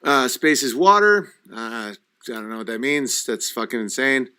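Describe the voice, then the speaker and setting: Admitting he's had a few drinks, this livestream host gets agitated and profane as he reads his chat aloud and fires back at the comments. He talks at a moderate pace in a medium-pitched, sing-song voice that sounds sharp yet smooth.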